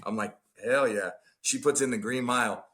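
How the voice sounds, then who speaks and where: Bright-voiced guest from Arizona. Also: male voice, medium pitch, normal speed. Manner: blunt, heavy swearing. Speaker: podcast guest, gym owner. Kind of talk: casual storytelling.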